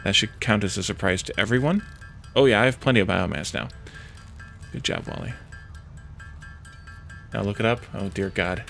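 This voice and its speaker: A man's voice: lowish voice, normal speed, gravelly, pauses often, a bit bright, faint music behind. A man streaming a video game, chatting casually with viewers and thinking aloud as he plays. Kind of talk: casual let's-play commentary.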